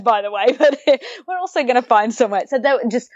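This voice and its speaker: A young woman, a guest telling a story in a relaxed, chatty way, often laughing and acting out the voices of the people in it. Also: a little high, fast talker, dry recording, lo-fi sound. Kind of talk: casual storytelling interview.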